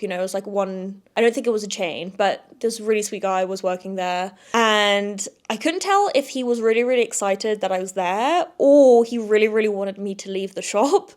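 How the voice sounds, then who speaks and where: A woman's voice: medium pitch, a little mellow. A young woman, hosting a casual solo podcast in a chatty, effusive way, repeating words for emphasis. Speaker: podcast host.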